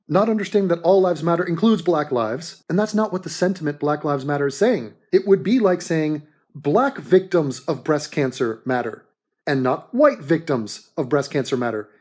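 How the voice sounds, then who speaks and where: A man ranting through a reaction commentary, his voice leaping up and down with scorn. He mocks and swears freely, crude and animated throughout. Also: a little high. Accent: Canadian. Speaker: commentary host.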